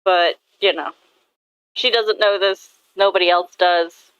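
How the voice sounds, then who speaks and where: A woman's voice: lowish voice, fairly even intonation, a little slow, clear, resonant tone, dry recording, muffled recording. A woman artist chatting casually and rambling about her characters, swearing now and then. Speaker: artist vlogger. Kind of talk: casual chat while drawing.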